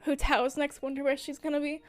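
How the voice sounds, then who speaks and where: A young woman chats casually on a livestream in a high, flat voice at a brisk pace, with faint music in the background. She gushes, packs her talk with fillers, and giggles often in the middle of sentences.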